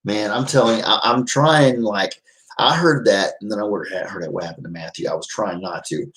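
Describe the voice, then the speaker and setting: A man's voice: lowish voice, normal speed, a bit bright, rough recording. A man casually chatting to viewers on a livestream, rambling and heartfelt, with many fillers. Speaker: vlogger reading live chat.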